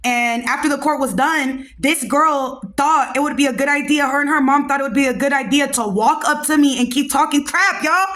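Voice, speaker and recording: A young woman hosting a podcast, telling a story in a casual, animated and slangy way and talking straight to her listeners. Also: high-pitched, a little fast, hardly any pauses. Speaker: podcast host.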